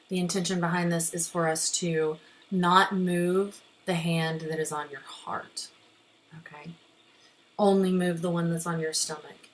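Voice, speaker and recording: Gentle woman therapist, low voice. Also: little pitch movement, unhurried, a little hiss or hum, rough recording. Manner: gentle, reassuring, checks in with "okay?". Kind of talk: guided therapy lesson.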